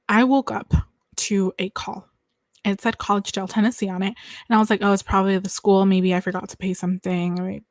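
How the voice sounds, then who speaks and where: A woman's voice: medium pitch, no room sound. A young woman, a podcast guest, telling her personal story and animatedly acting out the people she quotes. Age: young adult. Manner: animated, acts out quoted voices, talks with hands. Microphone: lavalier mic.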